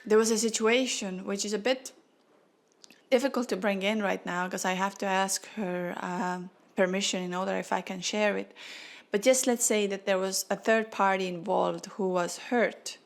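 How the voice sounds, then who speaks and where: Earnest woman with a gravelly edge. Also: mid-range voice, fairly even intonation, moderate pace. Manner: earnest, heartfelt, non-native phrasing. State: tearful, near crying. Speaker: podcast host. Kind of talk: spiritual podcast monologue.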